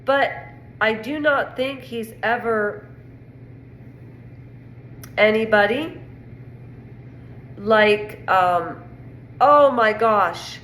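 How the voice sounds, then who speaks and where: A woman's voice: on the high side, drawn-out words, pauses often, fairly bright tone. A woman from Canada giving a rambling, indignant casual opinion monologue on pop culture. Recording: echoey room with faint noise.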